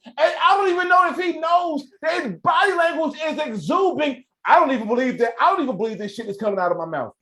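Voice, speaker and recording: A man's voice: extremely high pitch, big pitch swings, normal speed, fairly bright tone. A man co-hosting a sports podcast over a video call, talking in a heated, emphatic way and repeating phrases. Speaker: podcast co-host. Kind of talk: casual sports talk.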